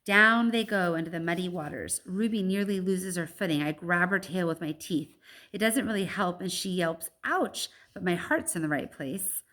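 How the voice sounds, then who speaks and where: A woman reading a children's novel aloud in a lively way, stopping now and then for chatty asides. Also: fairly low pitch, normal speed. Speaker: audiobook reader.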